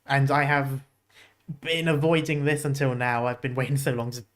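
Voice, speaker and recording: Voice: mid-range voice, flat delivery, moderate pace. A streamer reacting to game trailers in casual commentary, rambling and laughing often.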